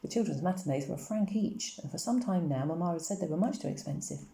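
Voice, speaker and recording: A woman reading a novel aloud in a steady, even storytelling manner. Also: lowish voice, fast talker. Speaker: audiobook reader. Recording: roomy echo.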